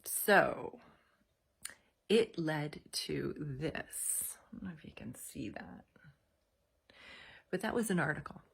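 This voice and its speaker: A woman's voice: low-pitched, expressive, slow pace, gravelly, pauses often, husky, whispered. A woman in her forties telling a personal story in a casual, confiding way, with many fillers. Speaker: host.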